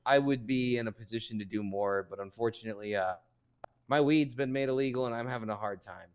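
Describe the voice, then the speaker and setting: A man playing a lawyer in an online roleplay, speaking hesitantly with many pauses and fillers. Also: medium pitch, smooth. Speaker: co-counsel in a roleplay. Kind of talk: in-character roleplay.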